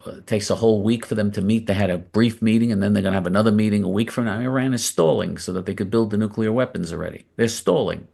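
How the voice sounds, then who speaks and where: A man's voice: fairly low pitch, fairly even intonation, fast, creaky, hardly any pauses, warm tone. A man hosting a political commentary monologue, blunt and combative, repeating phrases for emphasis. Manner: emphatic and repetitive, doubling phrases for stress. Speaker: host of a political commentary show.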